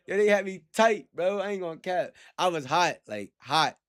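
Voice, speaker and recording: A man's voice: high voice, animated, unhurried, fairly bright tone. A young man talking casually to his livestream chat, rambling with lots of slang and frequent laughter.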